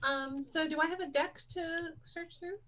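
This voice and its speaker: A woman's voice: very high-pitched, fairly even intonation, a little slow, pushed and bright. A woman playing a tabletop game, chatting casually and giggling as she picks skills. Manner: giggly, upbeat. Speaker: player.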